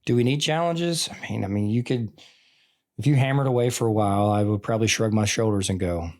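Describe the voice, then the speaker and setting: Man in his forties, lowish voice, earnest, rambling, casual chat. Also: brisk, a little mellow. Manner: earnest, rambling, full of "like" and "I mean". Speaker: teacher and podcast guest. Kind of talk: casual conversation.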